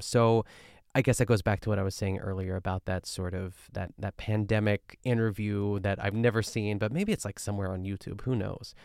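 A man hosts a solo podcast in a rambling, chatty way, often stopping to question himself. His voice sits low and carries a gravelly fry. The sound is dry and close, with no room around it. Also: a little mellow, no echo. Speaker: podcast host. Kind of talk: casual solo recap chat.

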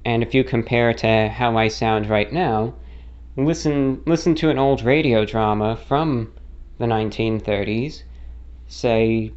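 Young man, mid-Atlantic-style accent with New York and non-rhotic traces, rambling casual YouTube talk, mid-pitched, slightly dull audio. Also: fairly even intonation, a little slow, darkish tone. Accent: mid-Atlantic blend with non-rhotic and New York traits. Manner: rambling, many fillers and self-corrections. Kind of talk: casual spoken monologue.

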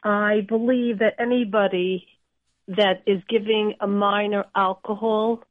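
A woman calls in to a radio show and speaks earnestly, repeating words to stress her point. Her voice sits at a middle pitch. It comes through a narrow, tinny phone line with a dry sound. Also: fairly even intonation, measured pace, no echo. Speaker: caller. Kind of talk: call-in radio comment.

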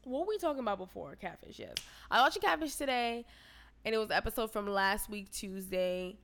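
A woman telling a story in casual chat, profane and animated, often rising to loud indignation. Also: medium pitch, a little fast, gravelly.

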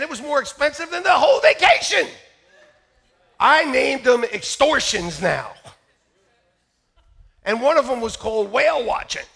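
A man preaching a comic storytelling sermon at a church service, animated and breaking into loud joking shouts. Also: high-pitched, gravelly. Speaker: pastor.

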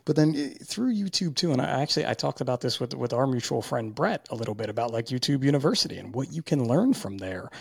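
Man, 40s, podcast host; gravelly, husky, dry, casual and candid. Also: medium pitch, big pitch swings, quick pace, hardly any pauses, no echo. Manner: chatty, candid, repeats words. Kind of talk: casual interview chat.

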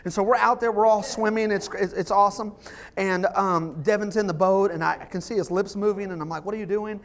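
Animated male pastor preaching a sermon. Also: high voice, brisk. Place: church service.

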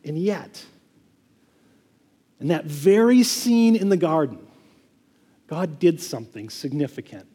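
A man's voice: a little high, expressive, slow, long pauses, mellow, breathy edge, in a large hall. A man preaching a sermon as pastor, earnest, often repeating words and restarting phrases.

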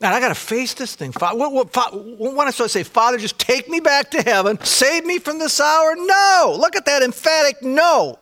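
A man's voice: very high voice, pushed and bright. A man preaching a sermon, talking conversationally and emphatically, with frequent asides to the congregation. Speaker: pastor.

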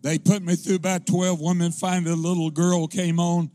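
A pastor telling a folksy, humorous testimony that rises into fervent preaching. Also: male voice, high voice, little pitch movement, a little fast, dark tone, dry recording, faint music behind. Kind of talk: storytelling sermon.

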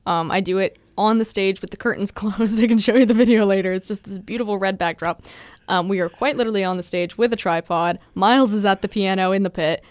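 A woman in her twenties, a stage actor telling stories in a casual interview, animated and chatty. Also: mid-range voice, fast, no echo.

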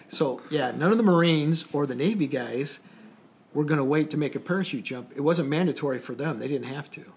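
A man, a Coast Guard veteran, casually recounting his training days in a rambling, wry way, his voice dropping off quietly at the end of phrases. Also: a little high, brisk, gravelly, slight background noise. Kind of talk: casual anecdotal storytelling.

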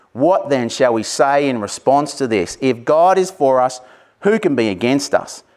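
A male pastor delivers an Easter sermon with real passion, leaning hard on key words and then dropping into chatty, offhand asides. His pitch sits in an ordinary middle range, and he keeps the tone personal, as if talking with the congregation. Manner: passionate, animated, conversational with asides.

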